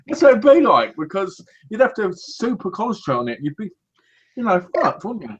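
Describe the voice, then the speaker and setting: A man's voice: high-pitched, big pitch swings, moderate pace, fairly bright tone, breathy edge. A man co-hosting a casual gaming chat, swearing freely and acting out mock quotes. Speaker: podcast co-host. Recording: dull lo-fi audio.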